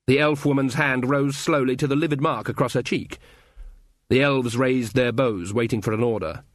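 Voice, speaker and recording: A man narrating a fantasy audiobook in a measured, even storytelling manner, recorded close. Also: medium pitch, no room sound. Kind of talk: scripted narration.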